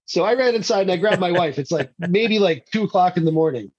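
A man's voice: high-pitched, expressive, fast talker, darkish tone, slightly rough, lo-fi sound. A man, an indie filmmaker, telling rambling stories in a casual interview and laughing often.

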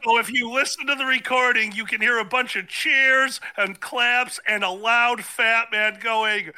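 A man co-hosting a casual podcast, cracking quick, wry jokes. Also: extremely high pitch, steady tone, pushed and bright, smooth. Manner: quick joking banter, wry. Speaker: podcast co-host. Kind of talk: casual chat.

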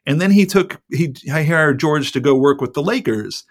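A man's voice: a little high, animated, normal speed. A middle-aged man in casual podcast chat, rambling and candid, with lots of "like" and the odd swear word. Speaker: podcast co-host.

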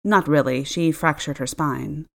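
Stern older housekeeper, clipped and tight, lowish voice, read by a woman. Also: a little slow, vocal fry, fairly bright tone, full character voice. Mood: grave.

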